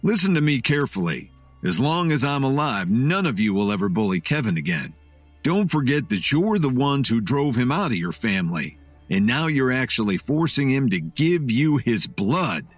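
Man doing a furious storybook brawler, shouting threats, domineering, voice swinging widely, dry close sound. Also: medium pitch, big pitch swings, normal speed, dry recording, soft background music, pitched above the performer's own voice. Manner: shouting, menacing.

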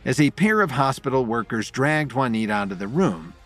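A man narrating a dramatic story in an expressive storytelling voice. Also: mid-range voice, a little fast, soft background music.

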